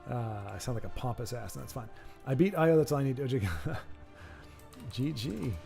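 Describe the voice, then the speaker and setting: A man's voice: medium pitch, gravelly, mellow. A man giving casual, self-deprecating live-stream commentary on a card game match. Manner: rambling, self-deprecating, joking. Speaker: streamer and caster.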